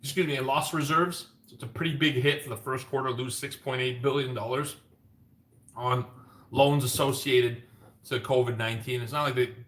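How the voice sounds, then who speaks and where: A man's voice: medium pitch, steady tone, normal speed, fairly bright tone. A man giving a daily stock market update, explaining bank earnings in a casual, blunt way with joking asides.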